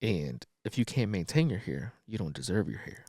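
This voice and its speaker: A man voicing a controlling, smooth-talking husband who lays down his demands calmly and matter-of-factly. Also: low voice, moderate pace, dry recording, studio quality, heavily acted. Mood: coldly demanding.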